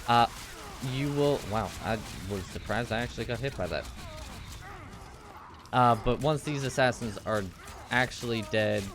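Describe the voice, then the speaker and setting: Low-voiced man rambling over gameplay. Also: noisy background. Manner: rambling and offhand, puts on silly high voices for characters. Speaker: game walkthrough host. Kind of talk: casual gameplay commentary.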